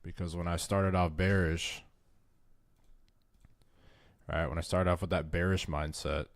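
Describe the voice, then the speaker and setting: A man's voice: low voice, steady tone, unhurried, dry recording. A man hosting a casual trading livestream, talking loosely and cursing, stumbling over his words as he walks through charts. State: tired, short on caffeine. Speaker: trading stream host.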